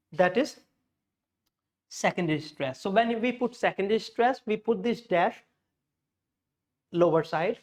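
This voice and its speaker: A man's voice: high-pitched, lively intonation, a little slow, long pauses. A man with an Indian English accent teaching a pronunciation lesson, explaining patiently and often correcting himself mid-sentence.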